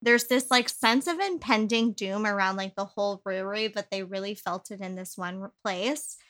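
A woman's voice: mid-range voice, normal speed, a bit bright. A woman co-hosting a podcast, telling a story in casual chat with a giggly, filler-filled manner. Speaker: podcast co-host.

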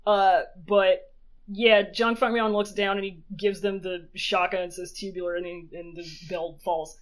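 A woman's voice: mid-range voice, measured pace. Swearing woman recapping a show, casual. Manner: swears freely, animated retelling. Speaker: podcast co-host.

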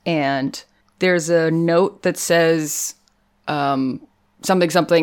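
A woman with a low voice talks through a TV episode with a friend. She is chatty and animated and laughs often, as in a relaxed podcast chat. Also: measured pace, clear, resonant tone. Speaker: podcast co-host. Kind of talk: casual chat recapping a TV episode.

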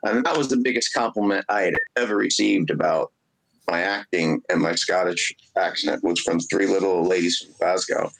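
Low-voiced guy from indianapolis, chatty storyteller, laughs a lot, slips into a scottish brogue. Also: normal speed, gravelly, a bit bright, low-quality recording. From Indianapolis, USA. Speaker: guest musician and actor. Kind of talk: casual interview chat.

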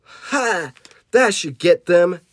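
A man putting on a high, yelping voice for a panicky young boy hero trapped in a video game, read aloud in a small closet. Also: lively intonation, takes it slowly, no echo, heavily acted. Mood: excited. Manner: yelping, screaming, high-pitched.

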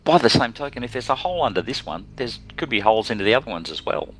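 A man's voice: medium pitch, big pitch swings, quick pace, poor audio. A man playing a tabletop game, easygoing and planning aloud. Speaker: player. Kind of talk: tabletop role-play.

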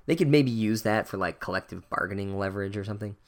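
A man's voice: fairly low pitch, quick pace. A man giving a sarcastic, exasperated and profane comedic book recap. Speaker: book reviewer.

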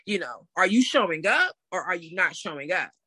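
A woman in her thirties telling a story in a casual interview, animated and laughing as she acts out what people said. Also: lowish voice, brisk, slightly rough, no echo. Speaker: interview guest.

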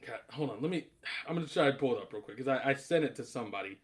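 A man hosting a podcast in casual chat, animated, laughing often and swearing, with lots of filler words. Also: mid-range voice, very fast. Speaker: podcast host.

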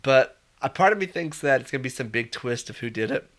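Man hosting a podcast, bright tone, teasing casual talk. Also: medium pitch, animated, a little fast. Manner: laughs easily, teasing. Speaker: podcast co-host. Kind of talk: casual chat.

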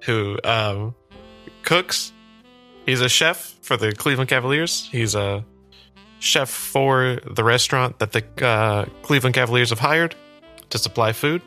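A young man with a bright, forward voice trades deadpan jokes on a casual sports podcast. Faint music sits underneath. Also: mid-range voice, unhurried. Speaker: podcast co-host.

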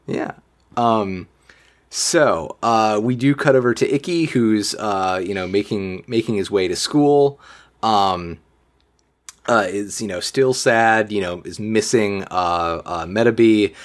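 Halting, wry man with a low voice. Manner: halting, many fillers and restarts, wry. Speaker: podcast co-host. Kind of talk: casual chat recapping a cartoon.

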